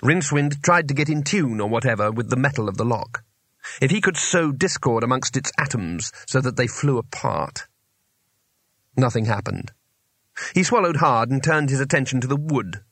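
A man narrating an audiobook in a lively storytelling manner. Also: mid-range voice, moderate pace, slightly rough, no room sound. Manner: animated, varied storytelling.

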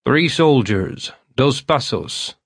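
A man's voice: mid-range voice, animated, slow pace, creaky, breathy edge, no echo, studio quality, pitched above the performer's own voice, heavily acted. A man voicing a tired, guarded man who answers in short, clipped lines. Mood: weary. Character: weary, terse, guarded slight man.

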